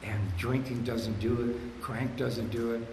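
A man in his sixties telling his recovery story at a meeting, rambling and repeating himself in blunt, streetwise talk, getting louder and higher on his punchlines. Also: flat delivery, unhurried. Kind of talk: personal recovery share. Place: meeting hall. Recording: echoey hall with room hum.

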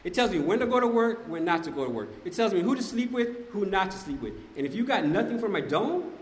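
A man's voice: sits high, big pitch swings, fast. A man giving a conversational, emphatic personal testimony at a recovery meeting, often asking "right?". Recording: echoey hall, faint ambience.

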